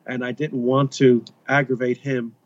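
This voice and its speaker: A man's voice: medium pitch, measured pace. Brief: American man, guest author, rambling storyteller, a touch muffled in sound. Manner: rambling, animated when retelling. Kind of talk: casual storytelling interview. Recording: slightly dull lo-fi audio.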